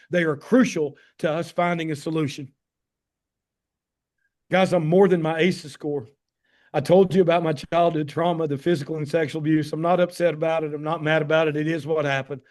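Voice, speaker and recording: A man's voice: a little high, darkish tone. A man in his fifties with a Tennessee Southern accent tells heartfelt personal stories in a folksy, emphatic way during a talk on a call. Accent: Tennessee Southern American. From Tennessee, USA. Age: 50s. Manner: folksy, emphatic, heartfelt, addresses listeners as guys. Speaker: addiction medicine doctor giving a talk. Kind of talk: personal storytelling presentation on a call.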